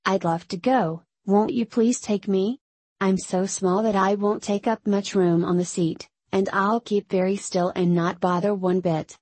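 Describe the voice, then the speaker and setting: A woman's voice: medium pitch, steady tone, measured pace, darkish tone, slightly rough, no room sound. A woman reading the part of a small, eager and polite little girl in a storybook read-aloud, pleading sweetly.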